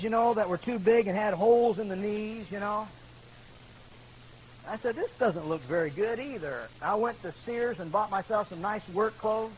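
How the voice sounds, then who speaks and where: A man with a very high voice tells his own story from the pulpit, animated and conversational. The recording is muffled and lo-fi, with a faint hiss underneath. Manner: animated storyteller, bursts into loud shouts in quoted lines. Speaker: preacher giving testimony. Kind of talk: sermon testimony storytelling. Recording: dull lo-fi recording with faint noise.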